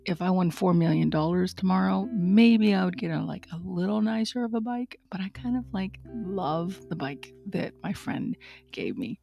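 Woman podcast host, middle-aged, from the US, mellow dark tone, jokey, rambling, casual. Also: fairly low pitch, expressive, normal speed, vocal fry, soft background music. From United States. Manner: chatty, rambling, self-deprecating and jokey. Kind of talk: casual solo podcast chat.

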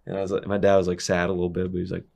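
A man's voice: sits low, completely flat delivery, racing, gravelly, a little mellow. A young man telling stories in a casual chat, rambling and laid-back with lots of fillers.

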